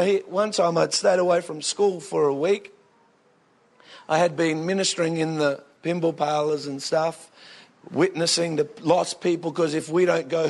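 Australian preacher with a high voice, working the congregation with lively comic stories. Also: male voice, creaky. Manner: animated, jokey, swings into bursts of excitement. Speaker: pastor. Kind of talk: humorous storytelling sermon.

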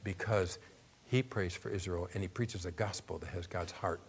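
A male preacher delivering a sermon, talking easily and stopping to check that the audience is following. When he reads scripture his voice climbs and gets louder and more emphatic. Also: low voice, normal speed, vocal fry. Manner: conversational, asks the audience questions.

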